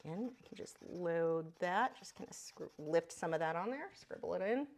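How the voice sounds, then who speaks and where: A woman's voice: animated, moderate pace, few pauses. A woman giving a chatty live drawing lesson, breaking off now and then to talk to her pet bird. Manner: high squeaky voice when talking to her bird. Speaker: art instructor.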